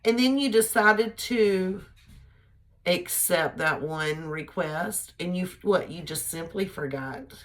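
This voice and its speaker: A middle-aged woman with a lowish voice speaks slowly as she shares strong opinions on relationships with her followers in a casual vlog. She laughs readily throughout.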